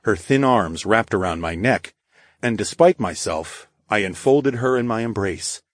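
A man giving expressive first-person narration of a story. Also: lowish voice, measured pace, dry recording, clean studio sound. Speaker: audiobook narrator.

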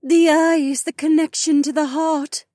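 A man's voice: very high-pitched, flat delivery, dark tone, no room sound, studio quality, voice pushed up. A male audiobook narrator voicing a young woman in pain who speaks in a shaky, entranced way. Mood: pained, cryptic. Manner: whimpering, shaky and slow.

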